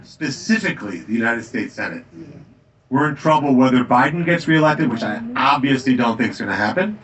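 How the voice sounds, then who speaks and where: A man giving a campaign stump speech in a tavern, telling anecdotes in an emphatic, energetic way. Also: mid-range voice, brisk, far from the mic, highs cut off. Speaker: political candidate. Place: tavern, indoors.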